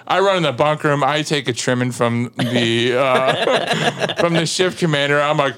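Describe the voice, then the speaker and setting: A man's voice: on the high side, a little slow, few pauses. A man in his thirties telling a long anecdote in casual chat, laughing often and saying "like" a lot. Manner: animated storyteller, laughs often, many "like" fillers. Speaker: podcast guest.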